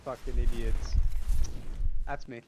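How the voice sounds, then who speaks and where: A man's voice: medium pitch, little pitch movement, takes it slowly. Joking man over gunfire noise. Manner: joking, self-deprecating. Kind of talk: casual chat. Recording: noisy with game gunfire behind.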